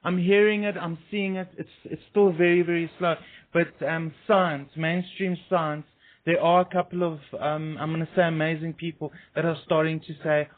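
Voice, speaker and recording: A man hosting a radio interview, talking in a halting way with many restarts. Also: a little high, flat delivery. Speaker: radio host. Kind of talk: casual interview chat. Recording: tinny phone line.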